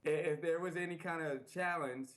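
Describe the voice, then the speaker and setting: A man's voice: fairly high pitch, fairly even intonation, moderate pace, fairly bright tone. A man who is a studio interview guest, speaking earnestly and repeating key phrases for emphasis. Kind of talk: interview talk. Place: small TV studio.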